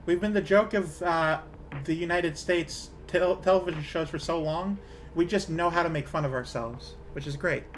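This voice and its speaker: A man's voice: on the high side, normal speed, slight background noise. A man streaming a game, chatting casually in a rambling way and laughing at his own jokes.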